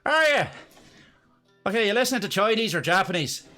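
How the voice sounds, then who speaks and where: A man's voice: very animated, brisk, soft background music, full character voice. A man voicing a blunt, drunk butch woman in a pub with a put-on Northern Irish accent and a harsh voice. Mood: brash. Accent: Northern Irish (attempted). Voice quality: harsh, high and loud.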